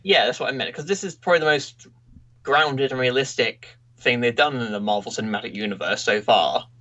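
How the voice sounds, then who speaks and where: A man co-hosting a casual review podcast, easygoing and a little hesitant, quick to laugh. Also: mid-range voice, bright, forceful tone. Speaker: podcast co-host. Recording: dull lo-fi recording.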